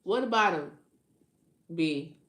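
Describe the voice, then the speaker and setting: A woman's voice: on the low side, animated, slow pace, fairly bright tone. A woman chats casually with her livestream viewers as a tarot reader, slangy and teasing, laughing often. She takes her time with each line. Her voice carries a roomy echo. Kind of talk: casual live chat with viewers.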